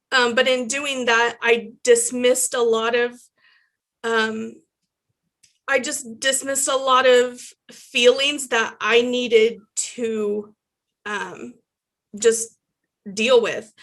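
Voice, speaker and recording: A woman reflecting on speaking up as a patient, heartfelt and halting, with many fillers. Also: high voice, a bit bright. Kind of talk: personal reflection.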